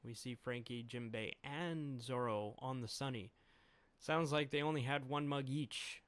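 A man casually recapping a comic chapter, chuckling often and restarting his sentences. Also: mid-range voice.

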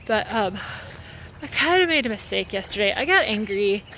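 A woman's voice: mid-range voice, animated, moderate pace, bright, forceful tone, slight background noise. A woman walking outside while vlogging into her phone, talking in a rambling, heated, casual way with lots of fillers. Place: outdoors, walking.

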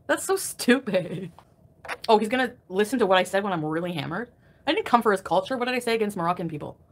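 A woman's voice: medium pitch, lively intonation, fast, slight background noise. Foul-mouthed woman ranting on a live stream. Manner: angry, profane venting with sharp loud outbursts. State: crabby and irritated. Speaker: livestreamer. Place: at home.

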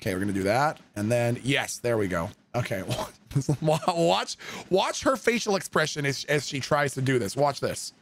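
A male streamer chatting casually with his viewers, excitable and swearing freely. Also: mid-range voice, normal speed, a little hiss or hum. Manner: excitable, swearing, laughing often.

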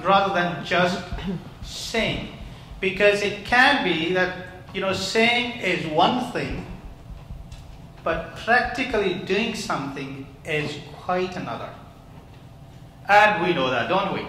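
High-voiced male minister in an echoey church. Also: sharp tone, slight background noise. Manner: interactive, questioning the congregation. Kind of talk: children's talk in church service. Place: large church hall.

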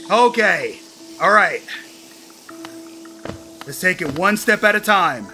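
A man playing a video game and commenting excitedly, talking to himself as he goes. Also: high voice, slow, long pauses, faint music behind. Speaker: gaming YouTuber. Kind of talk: let's play commentary.

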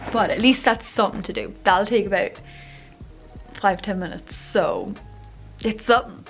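A woman's voice: mid-range voice, moderate pace, creaky, soft background music. A young woman in her twenties, chatting casually to the camera in a rambling way, full of "like"s. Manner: rambling, says "like" a lot. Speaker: vlogger.

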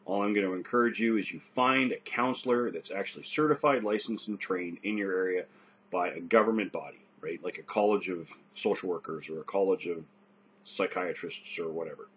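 A man's voice: low-pitched, brisk, muffled recording, slight background noise. A man who survived a stroke gives earnest, casual advice, often checking in with "right?".

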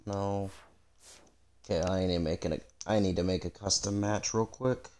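A man's voice: low-pitched, fairly even intonation, normal speed, darkish tone, a little hiss or hum. A man chatting casually while setting up a game, muttering and exasperated. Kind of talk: casual chat while gaming.

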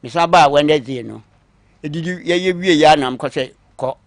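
A man recounting his own long story on a talk show, acting out what others said to him, moving between quiet asides and louder bursts. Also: on the high side, a little fast, dry recording. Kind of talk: call-in story telling.

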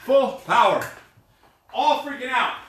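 A man coaching a live workout class, barking loud, profane, fired-up motivation and counting reps. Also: very high-pitched, animated, takes it slowly, recorded from a distance. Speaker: fitness coach. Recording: roomy sound from away from the mic.

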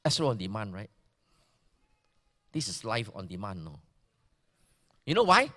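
Animated Malaysian preacher in an echoing hall. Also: male voice, fairly low pitch, unhurried. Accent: Malaysian English. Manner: animated preaching, swinging from loud emphasis to hushed near-whispers. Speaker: pastor. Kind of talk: sermon. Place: large church hall. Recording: church hall reverb.

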